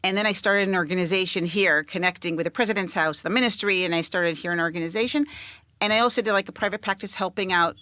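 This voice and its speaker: Fast-talking Israeli woman, bright voice. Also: medium pitch, no room sound, studio quality. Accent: Israeli, with some Boston. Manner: fast, animated, frequent restarts. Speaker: nonprofit CEO, guest. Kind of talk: conversational interview.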